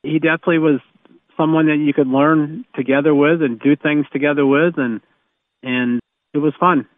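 Slightly high and fairly even in intonation, this man speaks at a moderate pace with no room sound. He works as a race car mechanic and tells rambling, chuckle-filled stories during a phone-line interview.

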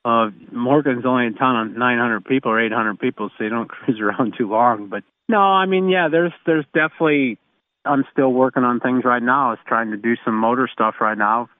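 A man's voice: medium pitch, brisk, no echo. A man who works as a race car mechanic, telling rambling stories and chuckling as he goes. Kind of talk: anecdotal storytelling. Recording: phone-line interview.

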